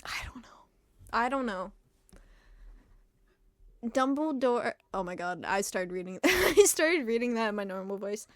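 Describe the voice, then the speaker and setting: A young woman with a fairly high voice reading a silly story aloud, giggling and breaking into laughter between lines. She takes her time, drawing out the words at an unhurried pace. The recording is close and dry. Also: lively intonation, no room sound. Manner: self-deprecating asides. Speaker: reader. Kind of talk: comedic dramatic reading of fan fiction.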